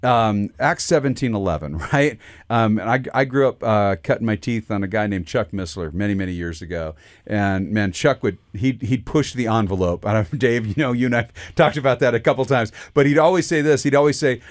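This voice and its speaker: A pastor co-host on a talk show among pastors talks a little fast in a medium-pitched voice, wandering and restarting sentences as he directs questions to the others. The recording is dry.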